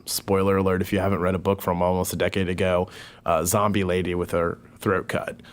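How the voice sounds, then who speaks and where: A man talking as a podcast guest, thoughtful and hesitant with many pauses and fillers. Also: deep voice, little pitch movement. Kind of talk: casual conversation.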